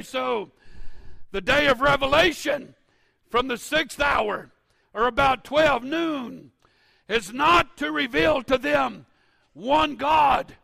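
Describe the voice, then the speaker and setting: A pastor in his fifties delivering a fervent sermon, moving between shouted declarations and quiet, joking asides. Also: extremely high pitch, gravelly, no echo. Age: 50s.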